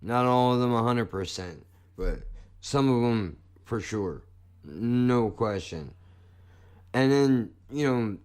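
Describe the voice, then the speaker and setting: A man's voice: mid-range voice, darkish tone, clear, resonant tone. A man hosting a podcast in casual chat, blunt and profane, joking as he talks. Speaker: podcast host.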